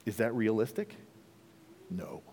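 A male pastor preaching a sermon, animated and full of rhetorical questions to the congregation. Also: fairly low pitch, a little slow, slight background noise. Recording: long reverb of a large hall.

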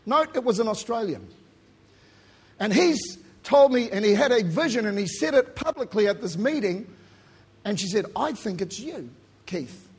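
A middle-aged New man preaches in a husky, breathy voice that sits fairly high for a man. He tells his own story with animated swings, building to loud emphasis and then dropping to quiet asides. His New comes through plainly. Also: normal speed. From New Zealand. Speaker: pastor. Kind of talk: sermon with personal story.

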